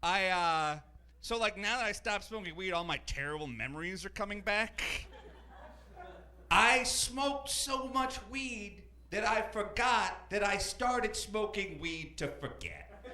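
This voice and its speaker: A young man doing a stand-up comedy set on a club stage, rambling with deadpan asides and hesitant fillers. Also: sits high, a little slow. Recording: roomy club with live crowd.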